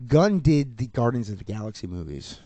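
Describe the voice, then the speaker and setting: Male podcast co-host, mid pitch, dry close mic, excitable and profane. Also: fairly quick, dry recording. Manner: excitable, swears a lot, laughs while retelling scenes. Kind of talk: casual pop-culture chat.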